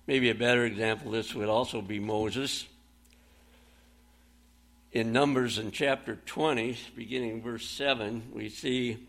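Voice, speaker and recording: Gravelly-voiced man preaching a sermon. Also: medium pitch, a bit bright.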